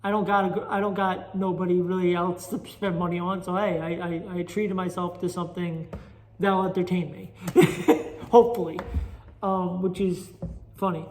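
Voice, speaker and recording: At a normal speed and with little pitch movement, a high-voiced man with a New York Italian accent runs a casual solo podcast monologue. The host, an amateur stand-up comic, wanders restlessly from point to point and is self-deprecating about his stand-up. Echoey chamber reverb colors the phone recording.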